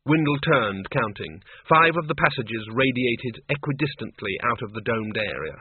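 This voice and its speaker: A man narrating a story in an expressive reading voice, on a tinny lo-fi recording. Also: medium pitch, moderate pace, few pauses, slightly rough, dry recording. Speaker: audiobook narrator. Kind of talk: scripted narration. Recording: tinny phone-like lo-fi, dry.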